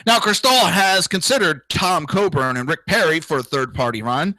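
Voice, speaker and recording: With a fairly high, sharp voice and lively intonation, a political talk show host delivers a crude, indignant solo rant at normal speed with few pauses, cursing and mimicking others mockingly. The audio is dry and poor.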